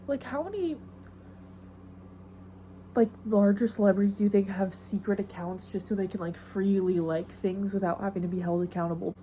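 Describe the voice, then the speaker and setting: A woman's voice: medium pitch, a little fast, dark tone, a little hiss or hum, poor audio. A young woman hosting a podcast alone, chatting in a rambling, slangy, self-mocking way into a phone camera. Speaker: podcast host. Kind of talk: casual solo chat.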